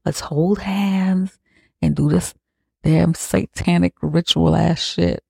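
A man's voice: high-pitched, steady tone, slow pace, creaky, darkish tone, husky, no room sound, clean studio sound, full character voice. A man voicing a frantic, pushy grieving mother in a casual retelling, pleading and swearing. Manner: pleading, profane, insistent.

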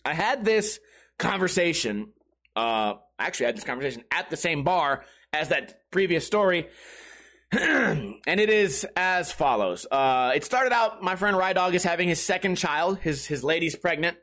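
Bright-voiced man telling a rambling story. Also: a little high, lively intonation, unhurried. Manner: rambling, amused, repeats words and quotes friends. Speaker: podcast host. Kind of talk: casual comedic storytelling.

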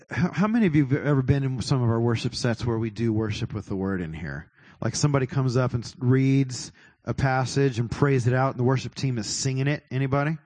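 A man's voice: medium pitch, a little mellow, no echo. Chatty man teaching on prayer. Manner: chatty, laughing, self-interrupting. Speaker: worship leader. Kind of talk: casual church teaching on prayer. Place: church worship service.

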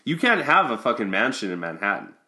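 A man's voice: on the low side, sing-song, fairly quick, pushed and bright. A man co-hosting a podcast, talking loosely and joking, with plenty of swearing. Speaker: podcast co-host. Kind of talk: casual chat.

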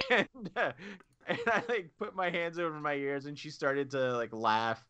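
A man's voice: on the high side, unhurried, background noise. A man co-hosting a casual podcast chat, telling stories and acting out what people said. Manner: storytelling, acting out quotes. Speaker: podcast co-host.

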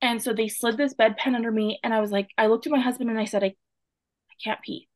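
A woman's voice: fairly high pitch, fairly even intonation, quick pace, no echo. Earnest young woman telling her story. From Canada. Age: 20s. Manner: earnest, emotional retelling with quoted dialogue. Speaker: podcast guest, nurse. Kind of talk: personal story in an interview.

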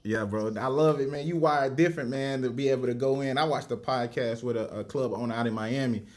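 A man's voice: mid-range voice, a little fast, background noise. A man hosting a casual podcast chat, laid-back and encouraging.

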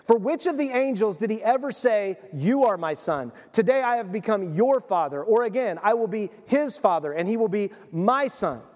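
A man preaching in a church sanctuary, his voice very high for a man and carried by a long hall reverb. He tells stories with animation and slips into the voices of the people he describes. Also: moderate pace, few pauses. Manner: animated storytelling, acts out quoted voices. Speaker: pastor. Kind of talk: sermon.

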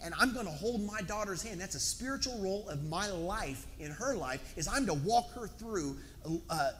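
A man's voice: high voice, animated, normal speed, a crowd in the background. A middle-aged man with a Southern US accent, preaching an emphatic sermon and repeating words for stress. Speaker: pastor. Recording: echoey hall, faint background noise.

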